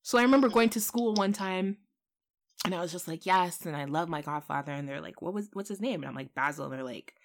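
A woman podcast host in casual chat, telling stories in an animated way and laughing often. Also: on the low side, brisk.

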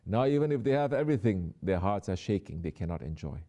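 A man preaching a sermon who exhorts his listeners, drops to soft, quiet asides and then rises to emphatic lines. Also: lowish voice, sing-song, quick pace.

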